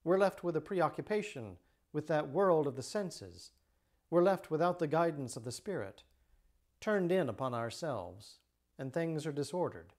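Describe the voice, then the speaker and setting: Lively-pitched priest giving a measured lecture. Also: male voice. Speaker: priest teaching a course. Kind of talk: lecture on Christian teaching.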